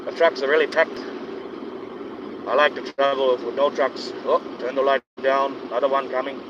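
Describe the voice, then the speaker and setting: A man live-streaming while driving on a highway, giving rambling, opinionated commentary in a put-on accent. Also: little pitch movement, normal speed. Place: inside a moving car on a highway. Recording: dull lo-fi sound with road noise. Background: engine and road noise.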